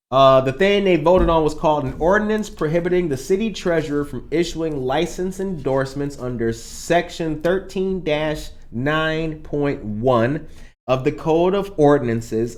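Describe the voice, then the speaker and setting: Upbeat man hosting morning news. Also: fairly high pitch. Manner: upbeat, addresses listeners as ladies and gentlemen. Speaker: morning news podcast host. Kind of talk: casual live news chat. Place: studio, alone.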